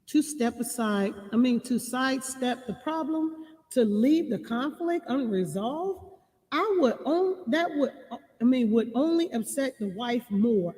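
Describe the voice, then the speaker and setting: Slow, deliberate woman giving marriage advice. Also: on the high side, animated, a little mellow, big-room sound. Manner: slow, deliberate, repeats lines for emphasis. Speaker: relationship advice speaker. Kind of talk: reading and commenting on a marriage book.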